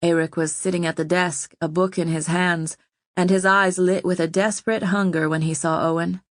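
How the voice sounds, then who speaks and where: A woman narrates an audiobook from a script in a steady storytelling manner. Her voice sits on the low side at a moderate pace, recorded at studio quality with no echo.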